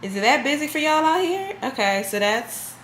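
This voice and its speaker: A woman's voice: sits high, very animated, moderate pace, fairly bright tone. A woman vlogging in a casual, chatty way, telling her story with amused exasperation. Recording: roomy, faintly noisy room.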